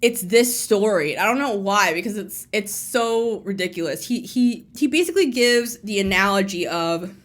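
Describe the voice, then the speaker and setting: A woman's voice: medium pitch, expressive, normal speed, few pauses. Young woman, tarot host, casual talk, rambling, self-correcting. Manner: rambling, self-correcting, laughs between thoughts. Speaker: tarot reader and channel host. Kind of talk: casual spiritual talk to camera.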